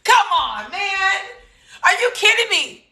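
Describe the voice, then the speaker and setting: A woman in her thirties, host of her own talk show, speaks slowly with vocal fry in a very high, bright voice. Her casual political commentary is animated and sassy, peppered with laughter and exclamations.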